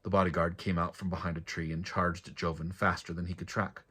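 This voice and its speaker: A man, an author, reading his own fantasy novel aloud in a steady, measured way. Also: sits low, slightly rough.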